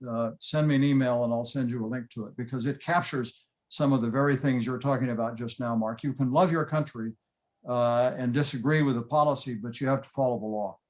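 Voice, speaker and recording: A man speaking as a panelist in an online discussion, earnest and emphatic. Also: medium pitch.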